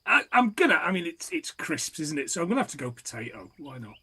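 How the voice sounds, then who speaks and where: A man's voice: fairly high pitch, big pitch swings, quick pace, pushed and bright, husky. A man guesting on a podcast, making wry, self-mocking quips in casual chat.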